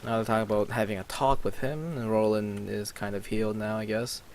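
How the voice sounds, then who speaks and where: A man's voice: fairly low pitch, steady tone, fairly quick, slight background noise. A young man casually narrating an online roleplay session, reading the chat aloud with hesitant fillers. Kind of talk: casual let's play narration.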